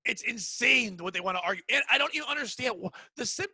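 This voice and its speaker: A man hosting a comedy podcast over a video call, ranting and riffing loudly with lots of swearing. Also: very high voice, animated, quick pace, slightly rough, no room sound, studio quality. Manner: rants loudly, swears, riffs in bits. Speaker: podcast host. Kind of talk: casual comedic chat.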